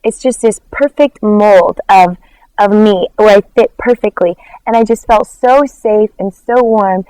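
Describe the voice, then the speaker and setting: A worship leader tells a personal testimony in an interview, animated and acting out quoted dialogue, with lots of "like" fillers. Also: female voice, medium pitch, unhurried, clean tone, no room sound, low-quality recording. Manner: frequent "like" fillers.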